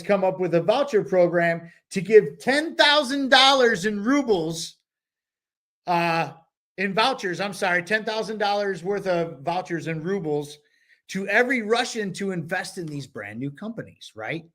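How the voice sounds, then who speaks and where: In a high, animated voice and at a slightly slow pace, a man co-hosts a book club podcast. He talks casually and meanderingly, often using fillers and starting sentences over.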